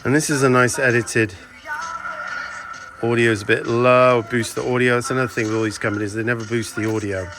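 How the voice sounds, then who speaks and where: An English man with a mid-pitched voice runs a casual vlog from his own shop late at night. He talks bluntly and chattily, slipping into ranting asides as he works. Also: steady tone, a little fast, music in the background. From England. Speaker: video transfer shop owner.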